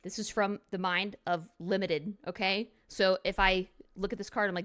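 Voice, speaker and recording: A woman's voice: mid-range voice, level tone, a little fast, few pauses, a bit bright, smooth. A woman streamer giving a casual card review at her computer, goofy and playful with silly jokes.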